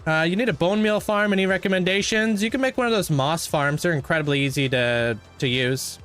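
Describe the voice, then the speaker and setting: A man's voice: high-pitched, fairly quick, fairly bright tone, clear, resonant tone, faint music behind. A young man livestreaming a game, chatting casually and greeting viewers by name. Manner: laid-back, thanks and greets viewers by name. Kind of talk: casual chat with live viewers while playing.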